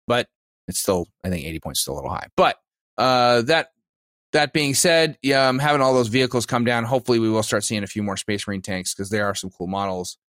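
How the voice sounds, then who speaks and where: A man's voice: mid-range voice, animated, fairly quick, fairly bright tone, no room sound. Enthusiastic guy on a gaming podcast, trips over his words, dry recording. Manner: enthusiastic, stammering restarts. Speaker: podcast co-host. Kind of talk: casual chat about tabletop gaming.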